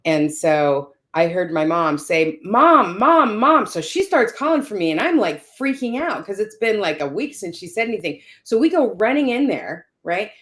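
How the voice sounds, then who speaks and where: A woman's voice: fairly low pitch, very animated, moderate pace, hardly any pauses. A woman telling a personal caregiving story in conversation, checking in often with "you know" and "right?". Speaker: caregiver sharing her story.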